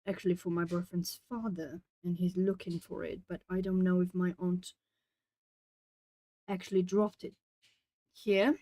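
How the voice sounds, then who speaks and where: A woman's voice: on the low side, level tone, unhurried, pauses often, warm tone. A young woman from Brazil, a Portuguese native speaker, chatting casually on an art stream while colouring and reading out chat. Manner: chatty, rambling, reads chat aloud.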